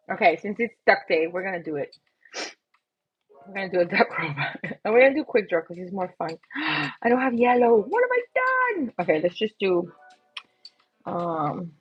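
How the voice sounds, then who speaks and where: Young woman, stream host. Bubbly and excitable, with a lively, bouncing voice that sounds a little breathy. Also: medium pitch. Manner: bubbly, excitable, talks to viewers while drawing. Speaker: livestream doodling host. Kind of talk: casual live drawing stream. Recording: slightly muffled, faint music behind.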